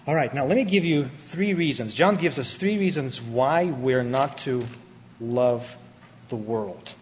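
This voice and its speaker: A man preaching a sermon, animated and emphatic, often restarting his words. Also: mid-range voice, measured pace. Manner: animated, rising to emphatic peaks, with many restarts. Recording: hall reverb with faint ambient noise.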